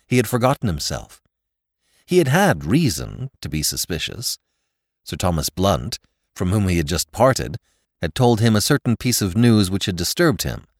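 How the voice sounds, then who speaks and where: A man narrating a classic story with an expressive, dramatic reading. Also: low-pitched, no room sound, clean studio sound.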